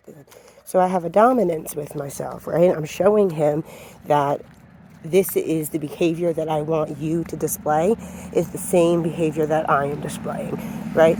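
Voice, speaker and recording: Calm woman dog trainer outdoors. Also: noisy background. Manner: calm, low-key instructive talk with many fillers. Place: outdoors on a road while walking a dog. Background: passing vehicles.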